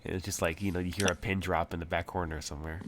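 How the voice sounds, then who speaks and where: A man's voice: low-pitched, level tone, fast, fairly bright tone, slight background noise. A man running a tabletop game as game master, narrating in a rambling, hesitant way full of fillers.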